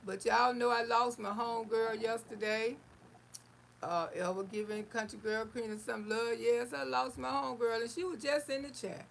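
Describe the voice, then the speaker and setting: Gravelly woman chatting live. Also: on the high side, fairly even intonation, moderate pace, slight background noise, poor audio. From Florida, US. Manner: folksy and affectionate, calls listeners honey, sugar and baby. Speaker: livestream host. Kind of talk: casual livestream chat reading viewer comments.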